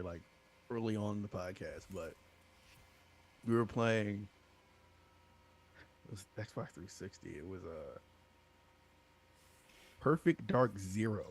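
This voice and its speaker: A man co-hosting a gaming podcast, telling stories in a casual, animated way and acting out other people's lines. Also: fairly low pitch, slight background noise. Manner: animated, laughing, acts out quoted voices. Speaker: podcast co-host. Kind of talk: casual storytelling chat.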